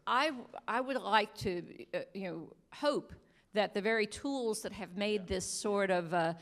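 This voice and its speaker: A woman journalist speaking on a panel, halting with many fillers and restarts, earnestly pleading. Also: medium pitch. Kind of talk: panel discussion.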